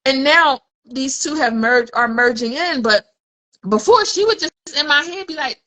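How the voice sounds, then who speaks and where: A woman's voice: sits high, lively intonation, moderate pace, sharp tone, rough recording. A woman in her forties talking candidly in a casual podcast conversation. She tells personal stories and acts out the voices in her head. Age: 40s. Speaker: podcast co-host.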